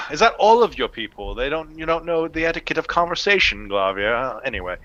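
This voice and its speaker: A man's voice: on the high side, big pitch swings, fairly quick, bright, forceful tone, lo-fi sound. A man playing a stiff, dry-witted adventurer. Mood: formal. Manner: stiff, mannered and sarcastic.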